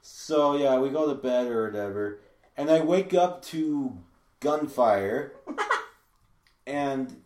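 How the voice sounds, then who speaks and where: A man's voice: mid-range voice, lively intonation, takes it slowly, pauses often, echoey room, distant mic. A man telling a long story in casual chat with friends, rambling with many fillers.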